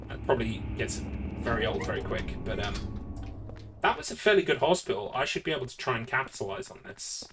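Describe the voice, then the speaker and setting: Streaming a speedrun, a man with a medium-pitched, fairly bright voice talks quickly, chatting casually with viewers between frustrated outbursts. His distant mic picks up noticeable background noise.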